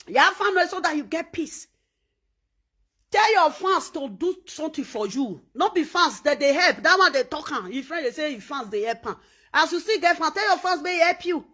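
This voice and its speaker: High-voiced woman with Nigerian Pidgin accent. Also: sing-song, fairly quick, sharp tone. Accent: Nigerian Pidgin English. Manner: emphatic, preachy, repeats phrases. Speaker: vlogger. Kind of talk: animated monologue.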